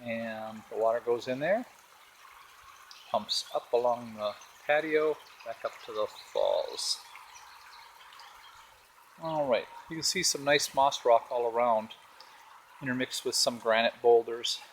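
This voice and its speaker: Strolling outdoors through his backyard garden beside a pond, a man gives a relaxed video tour as the homeowner, pointing things out along the way. He speaks in a mid-range voice at a measured pace with long pauses. The low-quality recording has slight background noise, including faint birds and a jet.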